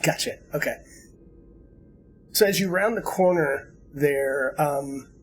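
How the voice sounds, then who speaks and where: A man narrating a tabletop game as game master, easygoing and halting, with many fillers and restarts. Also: a little high, slightly rough, low-quality recording.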